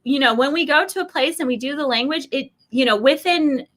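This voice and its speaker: A woman in her thirties, a language course founder, telling animated stories in a casual interview, acting out quotes and laughing often. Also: sits high, a little fast.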